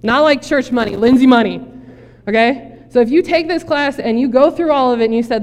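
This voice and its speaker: A woman's voice: fairly high pitch, fairly quick, a little mellow. A woman pastor preaching a sermon in a casual, joking, direct way. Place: church sanctuary. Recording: long reverb in church.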